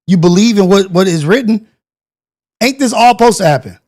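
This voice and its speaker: A man hosting a morning show, giving casual reaction commentary in an animated, slangy rant full of rhetorical questions. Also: sits high, brisk.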